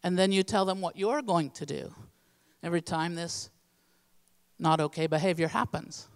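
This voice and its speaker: A woman's voice: fairly low pitch, normal speed, long reverb tail. A woman giving a midweek church teaching in an earnest, plainspoken, practical way. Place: church sanctuary.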